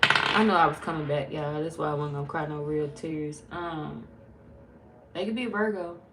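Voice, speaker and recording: A woman's voice: sits low, moderate pace, very noisy. A woman reading tarot in a casual, blunt, chatty way, swearing freely. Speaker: tarot reader. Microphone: phone.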